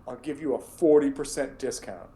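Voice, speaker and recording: A man's voice: medium pitch, normal speed, warm tone, a little hiss or hum, lightly acted. A man voicing a nervous shopkeeper in a tabletop game, stammering and caving under pressure. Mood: flustered.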